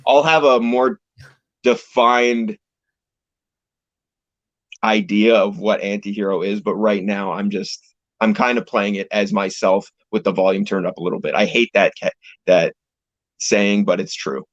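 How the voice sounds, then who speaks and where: Low-voiced laid-back man on a call. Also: steady tone, measured pace, pauses often, no echo. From Canada. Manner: laid-back, rambling, swears casually. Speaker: guest, pro wrestler. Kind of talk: casual interview chat. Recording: dull lo-fi call audio, dry.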